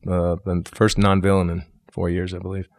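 A man's voice: sits low, normal speed, no echo. A man from New York, an actor, chatting in an interview and acting out the lines he quotes. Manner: animated storyteller, acts out quoted lines. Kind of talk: casual interview chat.

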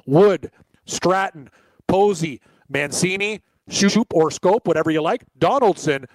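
Excitable high-voiced sports co-host man. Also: measured pace, dry recording. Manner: excitable, jokey, rambling. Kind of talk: casual sports chat.

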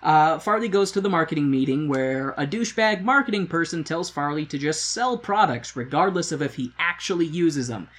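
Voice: medium pitch, expressive, brisk, few pauses, fairly bright tone. A podcast co-host recapping a musical in casual chat, joking, swearing and rambling. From United States. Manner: joking, profane, rambling storytelling.

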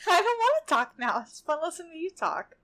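A pregnant, tired woman co-hosting a casual podcast, an animated storyteller who laughs often. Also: very high voice, a little fast. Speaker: podcast co-host. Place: home bedroom.

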